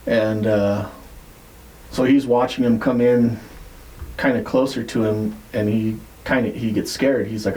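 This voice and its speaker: A man on a podcast telling a story in a casual, rambling way, swearing freely and filling pauses with "like" and "uh". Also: fairly low pitch, fairly even intonation, darkish tone, rough recording. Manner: rambling, profane, many fillers. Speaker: podcast co-host.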